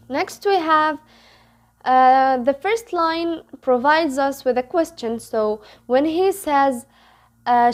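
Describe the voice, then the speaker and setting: A woman teaching a lesson, speaking slowly and deliberately and repeating key words as she explains each term. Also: high-pitched. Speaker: English teacher. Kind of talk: classroom lesson explaining a poem.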